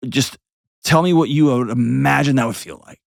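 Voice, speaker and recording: A man's voice: medium pitch, moderate pace, vocal fry, dry recording, clean studio sound. A man hosting an advice call-in show, talking bluntly and painting vivid scenes as he coaches a caller. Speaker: host.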